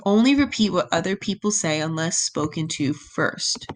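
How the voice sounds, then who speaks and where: A woman's voice: lowish voice, lively intonation, moderate pace, a little hiss or hum. A young woman teaching a class, reading a myth aloud and explaining it in casual, plain words as she thinks it through. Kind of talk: reading lesson, thinking aloud over a text.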